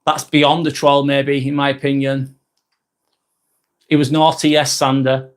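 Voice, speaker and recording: This is a man from England with a Lancashire accent and a slightly sore throat, chatting casually on a live stream. He reads out comments, rambling and repeating himself, in a medium-pitched voice that barely moves and runs a little slow.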